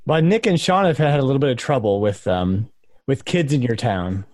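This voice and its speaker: A man co-hosting a casual chat in a relaxed, wry manner. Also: medium pitch, normal speed, dry recording, studio quality. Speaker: podcast co-host.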